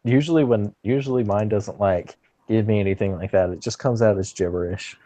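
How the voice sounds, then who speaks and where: A man with a fairly low, mellow voice chats casually on a podcast. He tells jokey stories and laughs often. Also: a little fast, no echo. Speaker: podcast co-host. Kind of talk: casual chat.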